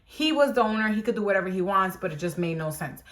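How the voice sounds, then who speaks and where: A woman's voice: medium pitch, expressive, fast. A young woman casually telling a story about a job, chatty and exasperated, repeating phrases for emphasis.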